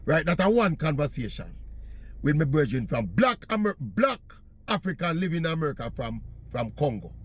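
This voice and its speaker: A man's voice: a little high, very animated, normal speed, slightly rough, no echo. A man from Jamaica with a Jamaican accent, chatting in patois as he tells a casual story. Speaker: vlogger.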